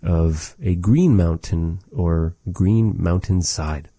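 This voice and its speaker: Very deep, dark-voiced man teaching words. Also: dry recording. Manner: repeats words slowly, chatty and joking asides. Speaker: language teacher. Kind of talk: casual vocabulary lesson.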